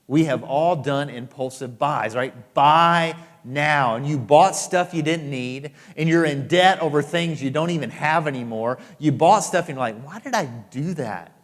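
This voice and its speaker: A man preaching a sermon as pastor, emphatic, repeating phrases and dropping into soft asides. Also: medium pitch, unhurried, big-room sound. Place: church auditorium.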